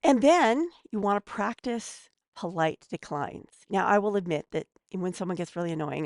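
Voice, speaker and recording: A woman's voice: medium pitch, animated, moderate pace, hardly any pauses, no echo, studio quality. A woman giving casual advice as a podcast guest, chatty and a bit snarky.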